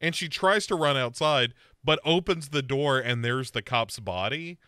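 Unhurried and mid-range, a man's clean-toned voice comes through a dry, clean studio recording. As a podcast co-host, he casually recaps a horror series, storytelling with energy and acting out what the characters say.

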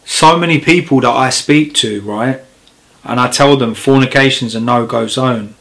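A man's voice: mid-range voice, normal speed, vocal fry, fairly bright tone. A man preaching an informal sermon, reading scripture and speaking earnestly and with growing passion. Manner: earnest, grows impassioned and emphatic.

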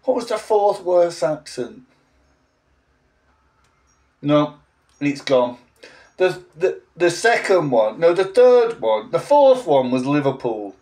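A man's voice: a little high, very animated, slow pace, pauses often, mellow. A man in his forties, a language teacher, ranting in a blunt, sarcastic vlog monologue with an English accent. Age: 40s.

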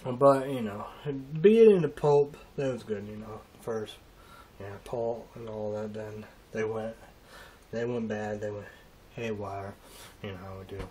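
A man rambling through a halting, emotional monologue in a casual vlog, trailing off and restarting often. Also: on the low side, mellow. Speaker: vlogger.

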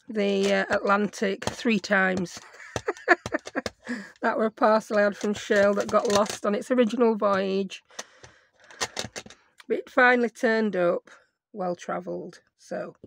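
Brief: woman, croaky and gravelly, chatty craft host thinking aloud at her home desk. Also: medium pitch, a little hiss or hum. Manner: chatty, thinks aloud while she works.

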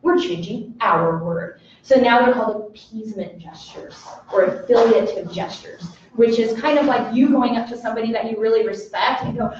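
A high-voiced woman teaching a class, animated and playful, often slipping into little voices for dogs and people. She is heard from a distance in a very echoey room with a dull sound. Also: moderate pace, hardly any pauses, a little hiss or hum. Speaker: dog trainer. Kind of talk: lecture to a live audience. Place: presentation room with audience.

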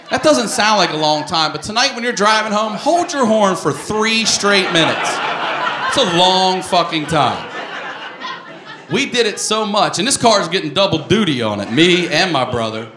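Male stand-up comedian, lively swooping pitch, crude storytelling, roomy club sound, audience laughter. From United States. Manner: animated storytelling, crude jokes, bursts into shouted voices.

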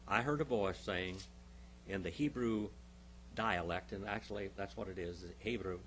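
A man's voice: sits low, normal speed, a bit bright, slight background noise. A male pastor teaching a Bible class, emphatic, stopping often to quiz his listeners with questions.

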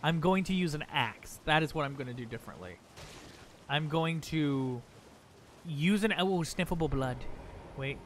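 A young man streaming a video game live, reacting excitably, talking to himself and thanking chat. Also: on the high side, normal speed, slight background noise. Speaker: gaming livestreamer. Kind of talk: live gameplay commentary.

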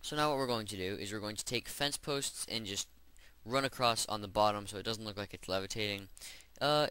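Speaking on the low side, a Minecraft tutorial host comes across clear and resonant, his delivery pushed and bright. He narrates a building tutorial over gameplay, chatting and rambling through each stage.

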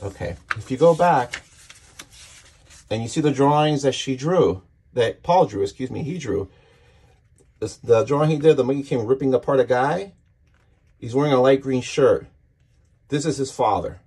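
A man's voice: mid-range voice, dark tone, husky. A man casually walking through a comic book issue page by page, enthusiastic and rambling, often restarting his sentences.

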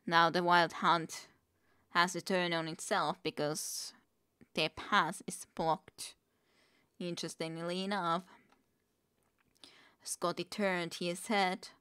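A woman's voice: lowish voice, fairly even intonation, takes it slowly, long pauses, sharp tone, clear, resonant tone. A woman streamer reading a book aloud, with wry, chatty asides.

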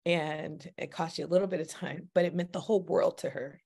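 A woman telling a personal faith story in a chatty, animated way, with sudden jumps in pitch and speed and plenty of "like" and "you know.". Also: fairly quick, gravelly. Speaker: mother sharing a personal testimony. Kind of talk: casual faith testimony storytelling.

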